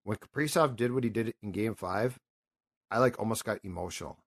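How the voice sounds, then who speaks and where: A man's voice: on the low side, a little fast. A man in his fifties hosting a sports talk show, telling stories in an impassioned, rambling and emotional way. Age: 50s. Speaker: sports radio host.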